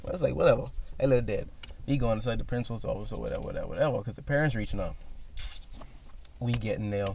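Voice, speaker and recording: A young man with a gravelly, creaky voice tells a long, rambling story, acting out the other people in it. He sounds a little distant from the mic, and there is faint noise in the background. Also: lowish voice, racing. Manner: rambling, animated, mimics others' voices in quotes. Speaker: podcast guest. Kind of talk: casual storytelling.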